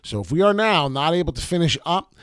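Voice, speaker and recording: A man giving casual, brash commentary on crypto trading charts, swearing freely and jumping between excitement and warnings. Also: on the high side, fast, no echo.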